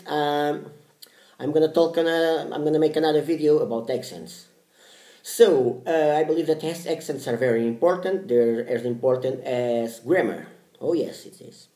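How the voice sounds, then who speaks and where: A man's voice: medium pitch, mellow, echoey room. Hesitant man. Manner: hesitant, repeats phrases and restarts often. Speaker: language-learning vlogger. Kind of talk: casual talk to camera.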